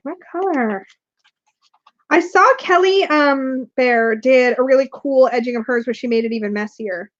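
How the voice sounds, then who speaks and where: Excitable woman stream host, high, gushing, dull lo-fi audio. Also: moderate pace. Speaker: tarot reader and live stream host. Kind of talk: casual live stream chat.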